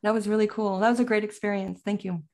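A woman's voice: mid-range voice, fairly even intonation, quick pace, darkish tone. A woman guest coach speaking in an earnest, heartfelt way and laughing easily. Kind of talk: casual chat.

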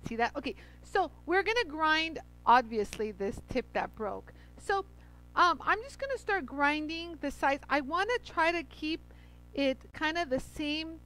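A woman's voice: high voice, lively intonation, unhurried, pushed and bright, poor audio. A woman hosting a casual livestream, chatty and effusive, greeting viewers by name as she demos grinding a stone. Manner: laughs often. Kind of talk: casual livestream chat and demo.

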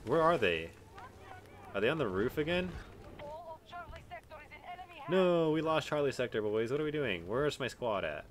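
A young man from Texas giving live commentary on a shooter game, excitable, swearing and yelling at enemies. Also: mid-range voice, measured pace, pauses often. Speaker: gaming streamer.

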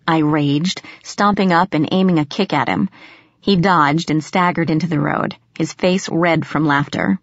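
Lady reading an audiobook, lowish voice, measured, dry kinda muffled audio. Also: dry recording. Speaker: audiobook narrator. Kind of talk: first-person audiobook narration.

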